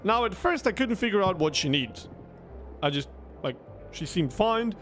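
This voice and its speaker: A young man casually telling a long, animated story, swearing freely and restarting his sentences. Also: high-pitched, normal speed, slight background noise. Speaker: streamer telling stories.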